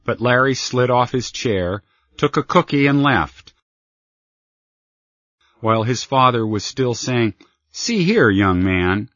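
A man narrating a written story in a calm, unhurried storytelling manner. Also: medium pitch, no room sound. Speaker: reader. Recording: slightly muffled dry recording.

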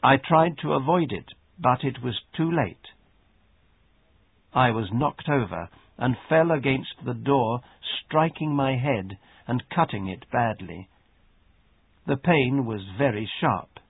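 A man reading a lesson aloud, slow and measured. His husky voice moves widely in pitch. The recording is dry and narrow, like a phone line. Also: animated, dry recording. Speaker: reader of an English lesson. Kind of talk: slow read-aloud narration.

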